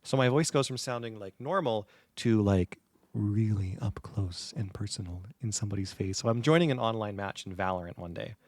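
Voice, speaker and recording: A man in his thirties co-hosting a podcast, telling an animated story in casual chat, speaking right up against a close microphone. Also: lowish voice, brisk, no room sound. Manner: animated storyteller, acts out quoted gamers. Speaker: podcast co-host. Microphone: close dynamic podcast mic.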